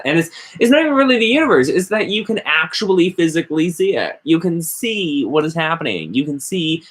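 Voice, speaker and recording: A man's voice: on the high side, sing-song, fairly quick, hardly any pauses, a bit bright, husky. A man hosting a casual, rambling chat while stoned, often mock-quoting other people. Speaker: host.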